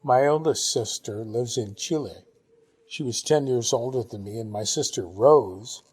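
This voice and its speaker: A man voicing a husky, gushing older Englishwoman. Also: medium pitch, darkish tone. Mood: reminiscing. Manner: brisk, upper-class gushing exclamations. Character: genteel older Englishwoman, chatty and fond of the past. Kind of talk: audiobook reading.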